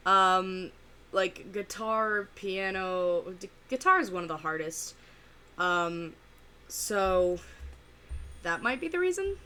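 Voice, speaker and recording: A woman giving casual, rambling reaction commentary full of fillers and pauses. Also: medium pitch, lively intonation, bright, forceful tone, slight background noise. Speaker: reaction video host.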